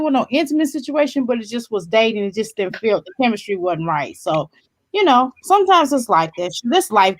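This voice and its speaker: High-voiced woman telling animated stories. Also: dry recording. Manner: animated storyteller who acts out quotes. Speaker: guest with counseling clients. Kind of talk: casual radio talk.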